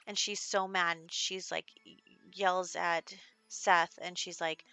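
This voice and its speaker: A woman's voice: fairly low pitch, fairly even intonation, moderate pace, few pauses, pushed and bright, dry recording. A woman casually narrating her life-sim game, chatty and storytelling, with lots of filler words. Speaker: gameplay narrator. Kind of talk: casual let's-play narration.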